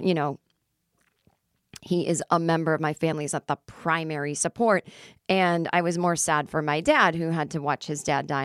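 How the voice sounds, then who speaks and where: A middle-aged woman hosts a casual solo podcast, ranting sarcastically and acting out imagined conversations in a low-pitched voice. The studio sound is clean with no echo.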